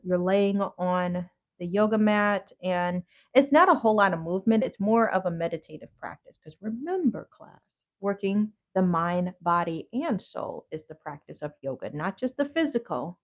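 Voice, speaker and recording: Woman host, gravelly creaky voice, slangy rambling livestream chatter, dull lo-fi sound. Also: on the low side. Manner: slangy, rambling, talks back to chat. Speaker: yoga therapist and crafter, livestream host. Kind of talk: casual livestream chat while crafting.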